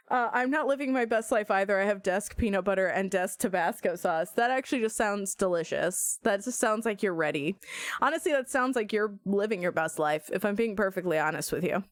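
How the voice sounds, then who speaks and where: A woman streamer playing through a game, talking casually, animated and self-mocking, often laughing. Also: medium pitch, normal speed, dry recording, clean studio sound.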